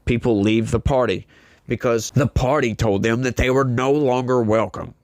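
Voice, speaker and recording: A man hosts a political commentary show and talks straight to his listeners in an emphatic, sermonizing way. His voice sits at an ordinary middle pitch for a man. The recording is close and dry, with no room sound. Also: fairly even intonation, normal speed, darkish tone, no room sound. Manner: emphatic, preachy, talks straight to the audience with "folks" and "y'all". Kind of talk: opinionated political commentary monologue.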